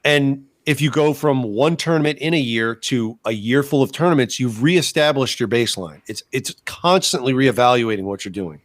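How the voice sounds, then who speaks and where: Male podcast co-host, lively, swooping delivery, swears a lot, does voices, dry close sound. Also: medium pitch, normal speed, hardly any pauses, no echo. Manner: animated, profane, acts out voices in quotes. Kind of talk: casual storytelling chat.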